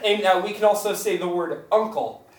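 A man co-hosting a casual comedy podcast, joking and often laughing, with halting restarts. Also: high-pitched, fairly even intonation. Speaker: podcast co-host. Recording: roomy, distant mic.

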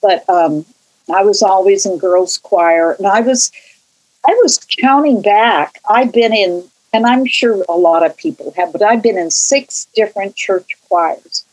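A woman's voice: medium pitch, a little slow, low-quality recording. Chatty older woman telling stories. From California. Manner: rambling, warm recollection with frequent restarts and tangents. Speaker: interviewee, church choir member. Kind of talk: casual conversational storytelling.

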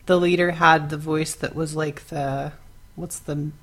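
A low-pitched woman co-hosts a podcast, speaking a little slowly in a steady tone. Her casual chat rambles, packed with fillers and restarts.

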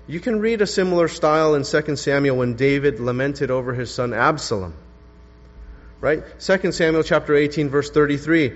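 A man preaching an earnest sermon, explaining scripture and reading verses aloud with emphasis. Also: fairly high pitch. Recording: dull lo-fi sound with long hall reverb.

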